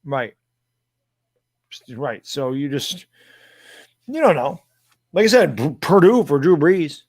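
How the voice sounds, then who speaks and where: A blunt man co-hosts a casual football chat, firing off rhetorical questions and mild curses. His pitch sits a little high for a man. The recording is dry and close. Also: big pitch swings, slow, darkish tone, breathy edge, no echo. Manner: blunt, rhetorical, swears mildly. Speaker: sports show co-host.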